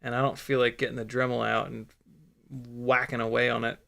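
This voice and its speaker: Gravelly bright-voiced man chatting on a stream. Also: medium pitch, little pitch movement, fairly quick. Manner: rambling, swears, self-narrates the build. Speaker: livestream host building a drone. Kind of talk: casual live-stream chat while building.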